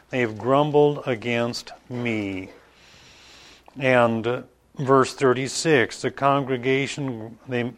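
A man preaching an informal Bible study in a conversational, halting way, with many restarts and asides. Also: mid-range voice. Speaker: pastor.

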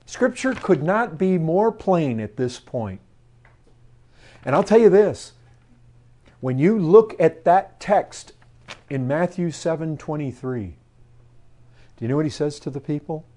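Male preacher, unhurried and emphatic, swinging from hushed to forceful delivery. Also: expressive. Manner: emphatic, swings from low murmurs to loud declarations; asks the congregation questions. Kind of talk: sermon.

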